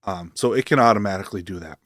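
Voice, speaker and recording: A man's voice: on the low side, fast talker, fairly bright tone, no echo, studio quality. A man streaming a game, talking casually and rambling as he thinks aloud with lots of fillers. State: hiccups. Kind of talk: casual gameplay commentary.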